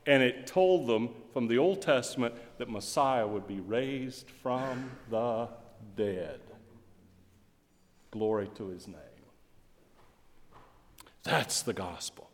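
Man preaching emphatically in a reverberant hall. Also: medium pitch. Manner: emphatic preaching with dynamic swings in loudness. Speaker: pastor. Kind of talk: sermon. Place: church sanctuary. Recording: long reverb of a church hall.

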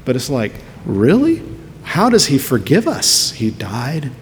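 A man's voice: huge pitch swings, measured pace. A man preaching a sermon as pastor, earnest and full of rhetorical questions. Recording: long hall reverb with faint rumble.

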